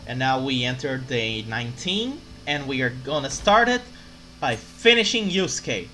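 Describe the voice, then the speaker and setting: A playful let's play streamer casually narrating a game. The voice is bright and forceful, with lively pitch swings. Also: unhurried, soft background music. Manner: playful, animated, swears. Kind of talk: casual gameplay commentary.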